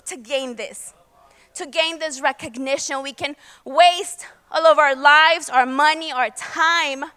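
A young adult woman pastor giving a lively sermon to her church, praying aloud and telling stories. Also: high-pitched. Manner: lively storytelling, prays aloud. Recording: long hall reverb, faint music.

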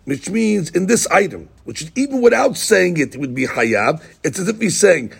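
Gravelly man teaching a Talmud lesson. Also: fairly high pitch, very animated, a little fast. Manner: explains text line by line, acts out the speakers' words.

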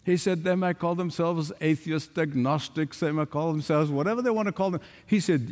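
A man's voice: on the high side, a little fast, hardly any pauses, a little mellow. An older man preaching a sermon, emphatic, repeating phrases for stress. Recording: long hall reverb.

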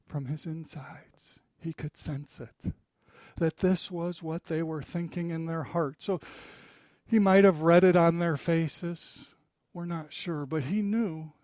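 A man preaching a sermon as pastor, swinging between loud emphatic lines and hushed, low passages. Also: no room sound, studio quality.

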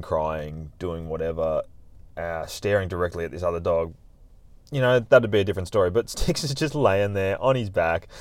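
A man's voice: sits low, darkish tone, no echo. A man hosting a podcast, telling a story in a chatty, laid-back way. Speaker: podcast host, dog trainer. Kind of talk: casual storytelling monologue.

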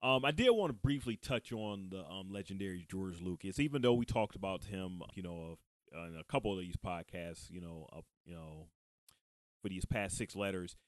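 Low-voiced, rambling man with a dry sound. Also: lively intonation, normal speed, dry recording. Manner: rambling, many fillers, laughs often. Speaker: podcast host. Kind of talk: casual chat.

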